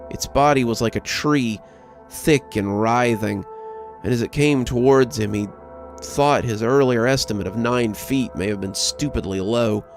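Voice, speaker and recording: A man reading a horror story aloud in dramatic scripted narration, building tension toward sharp exclamations. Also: medium pitch, a little slow. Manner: dramatic, rising to tense exclamations. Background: faint background music.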